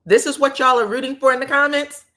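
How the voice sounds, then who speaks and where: A woman's voice: high voice, quick pace, a bit bright. A woman talking bluntly and with sass in a casual recap, dropping in quoted lines in shifted voices. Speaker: recap commentator.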